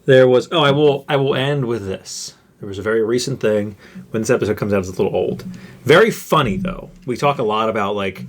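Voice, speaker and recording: A young man co-hosting a podcast, chatting casually and ranting with mocking asides. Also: fairly low pitch. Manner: animated, ranting, mocking voices in quotes. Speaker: podcast co-host. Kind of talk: casual chat.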